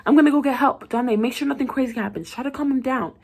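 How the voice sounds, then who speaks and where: A woman's voice: medium pitch, big pitch swings, moderate pace, gravelly, darkish tone, pitched above the performer's own voice. A woman voicing a young male hospital worker who talks in an urgent, fussing way. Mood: alarmed.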